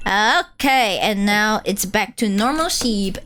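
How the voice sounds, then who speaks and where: A woman's voice: mid-range voice, lively intonation, a bit bright, slight background noise. A young woman streaming a game playthrough, commenting sarcastically between lines of dialogue. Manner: sarcastic, quick laughs.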